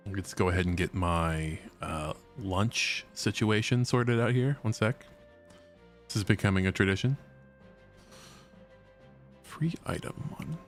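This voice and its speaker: A man's voice: sits low, steady tone, normal speed, faint music behind. A man streaming a video game, chatting casually and joking with his viewers. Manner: chatty and joking, reads game text aloud. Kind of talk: casual let's-play chat.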